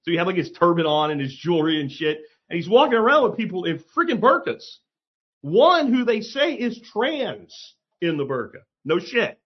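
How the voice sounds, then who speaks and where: A man's voice: high-pitched, big pitch swings, normal speed, breathy edge, muffled recording. A man hosting a casual opinion monologue, talking bluntly and sarcastically, with frequent swearing and emphatic asides. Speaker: commentary host.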